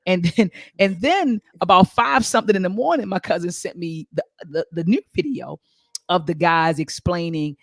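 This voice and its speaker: A middle-aged woman co-hosting a casual talk show, swinging between high and low as she acts out quoted dialogue. Her voice sounds dry and close to the mic, with little room sound. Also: moderate pace, no room sound. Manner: animated storytelling with quoted dialogue. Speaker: co-host.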